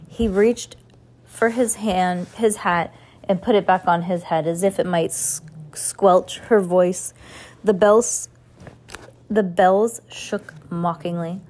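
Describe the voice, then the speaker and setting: A woman reads a novel aloud, as a teacher would to her class. Her narration is expressive and unhurried, and she slips into voices for the characters. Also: mid-range voice.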